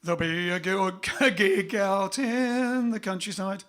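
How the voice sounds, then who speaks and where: A man's voice: high-pitched, a little slow. A man co-hosting a live-stream music show, joking with viewers between songs. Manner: jokey banter. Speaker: band singer and co-host. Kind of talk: casual live-stream chat and singing. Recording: loud band music behind.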